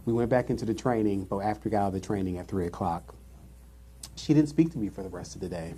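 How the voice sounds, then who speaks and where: A man's voice: on the low side, quick pace, dark tone, a little hiss or hum. A man co-hosting a casual live-streamed chat show, telling a workplace story with sassy asides. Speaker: podcast co-host.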